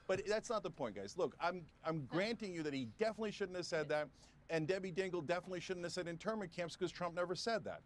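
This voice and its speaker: A man's voice: sits high, fast, a little hiss or hum. Combative man in a heated debate. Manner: combative, scoffing, talks over others. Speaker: political commentator guest.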